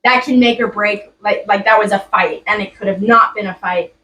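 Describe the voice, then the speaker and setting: A woman's voice: medium pitch, fairly even intonation, moderate pace, pushed and bright, reverberant, distant mic, low-quality recording. A young woman in a class, telling a personal story in a chatty way with many fillers and laughs. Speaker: student sharing a story.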